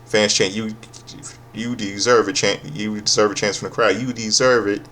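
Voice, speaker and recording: A man's voice: on the low side, fairly even intonation, normal speed, fairly bright tone, a little hiss or hum. A man giving a casual, profane, sarcastic recap of a wrestling show, often stopping and restarting his sentences.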